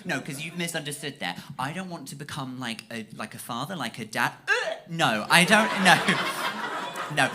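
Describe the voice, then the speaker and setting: A man's voice: on the high side, expressive, moderate pace, very noisy. A stand-up comedian from Cornwall, a man talking in a chatty, self-mocking way and checking in with the audience on a comedy stage. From Cornwall, England. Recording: live show with loud audience laughter.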